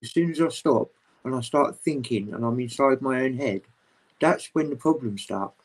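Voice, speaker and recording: A man chatting casually as a guest on a livestream video call, rambling, open and animated. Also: medium pitch, normal speed, low-quality recording. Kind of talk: casual chat.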